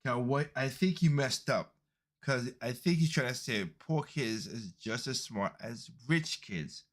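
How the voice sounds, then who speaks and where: A man's voice: medium pitch, measured pace. Emphatic man hosting a commentary podcast. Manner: emphatic, repeats his points. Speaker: podcast host. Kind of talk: casual commentary on video clips.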